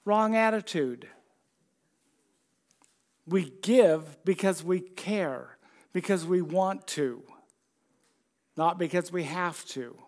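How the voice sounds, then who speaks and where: High-voiced conversational male preacher. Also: takes it slowly, pauses often. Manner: conversational preaching with questions to the congregation. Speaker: pastor. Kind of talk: sermon. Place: church.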